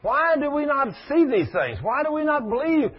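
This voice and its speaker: A man preaching a sermon with animated delivery, turning to speak to people in the room as he goes. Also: extremely high pitch, normal speed. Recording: dull lo-fi recording.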